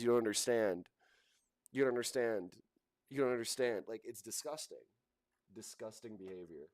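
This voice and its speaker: A man with a low, slightly mellow voice hosts a livestream, reacting indignantly to posts, repeating himself and laughing scornfully. There is no room sound.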